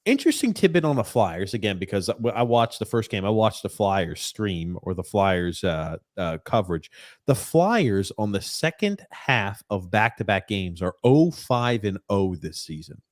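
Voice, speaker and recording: Animated man hosting a sports podcast. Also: fairly low pitch, moderate pace, no echo, clean studio sound. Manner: animated, reads listener comments, swears casually. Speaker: podcast host. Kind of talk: casual sports chat.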